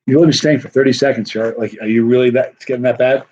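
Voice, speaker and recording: A man's voice: medium pitch, fairly even intonation, very fast, darkish tone. A man hosting a casual livestream, rambling through a friendly sales patter. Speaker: livestream host selling signed hot sauce. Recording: dull, muffled lo-fi sound.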